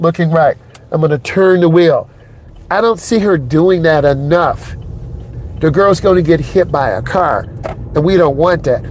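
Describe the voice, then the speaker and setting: A man's voice: a little high, a little mellow, slight background noise. Emphatic man narrating while driving. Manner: emphatic, repeats himself, talks straight to viewers. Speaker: driving instructor. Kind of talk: narrating a driving lesson from behind the wheel. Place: inside a car on city streets.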